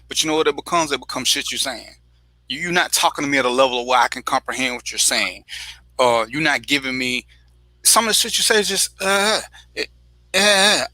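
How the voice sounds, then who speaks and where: A man with a very bright, forceful voice talks bluntly and emphatically, swearing freely in casual panel talk. The sound is dry and close. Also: on the high side, dry recording, rough recording. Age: adult father. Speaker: panel guest.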